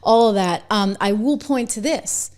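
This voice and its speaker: A middle-aged woman hosting a show, giving chatty, animated political commentary and laughing between points. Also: medium pitch, unhurried.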